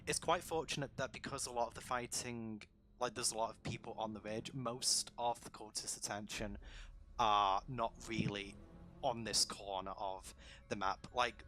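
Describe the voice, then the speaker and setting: A man narrating as dungeon master for a tabletop game, in a relaxed, rambling way with many fillers. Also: on the low side.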